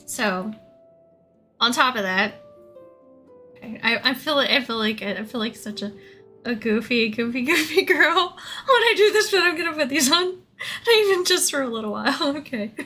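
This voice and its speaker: Giggly high-voiced young woman streamer. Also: lively intonation, moderate pace, long pauses, pushed and bright, faint music behind. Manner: giggly, chatty, thanks viewers. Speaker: livestreamer. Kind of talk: casual live-stream chat.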